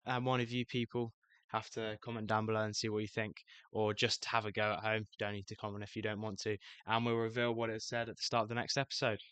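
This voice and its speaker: A young man with a lilt hosts a casual podcast in a teasing, upbeat way. His voice is bright and smooth, and dry with no room echo. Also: on the low side, flat delivery, quick pace. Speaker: podcast host.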